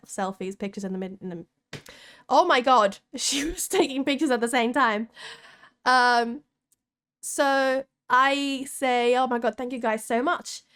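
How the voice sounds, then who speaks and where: A young Italian woman vlogs to the camera, telling a story with excitement, laughing often and starting her sentences over. Her voice sits on the high side, clear and resonant.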